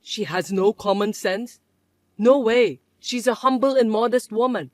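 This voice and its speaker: A woman voicing a calm, level-headed grown son who speaks patiently and quietly. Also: unhurried, no room sound, close to an everyday voice. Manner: calm, patient, lower and softer.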